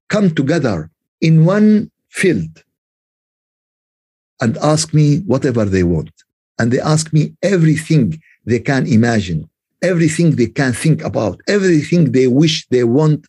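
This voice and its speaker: A man giving an Islamic religious lecture. He is emphatic, repeats key phrases and quotes scripture, and he recites the closing prayers quickly in a low voice. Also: big pitch swings, warm tone, slightly rough.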